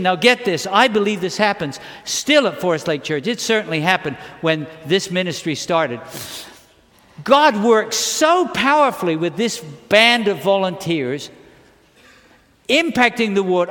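A man's voice: high voice, lively intonation, unhurried, fairly bright tone. A man preaching a sermon to his church congregation, impassioned and emphatic, often putting questions to his listeners. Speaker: pastor. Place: church sanctuary. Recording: reverberant hall.

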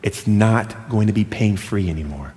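Low grave God, put on by a preaching man, hushed questions, long hall echo. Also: unhurried, natural voice. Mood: solemn.

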